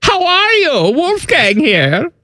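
A man's voice: very high-pitched, wildly swooping pitch, rapid-fire, pushed and bright, dry recording, voice pushed up, full character voice. A man voicing a pompous German man with a thick, strained put-on accent, giving his opinion on a sports talk show. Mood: blustering. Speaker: co-host.

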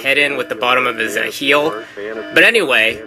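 A man's voice: medium pitch, moderate pace, music in the background, poor audio. A man from Los Angeles chatting casually on a sports radio show, easygoing and a bit hesitant. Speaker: show regular.

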